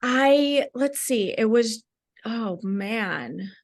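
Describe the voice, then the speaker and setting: A woman's voice: on the high side, lively intonation, drawn-out words. A woman speaking as a podcast guest, candid and reflective, with frequent "like" fillers. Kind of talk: casual conversational interview.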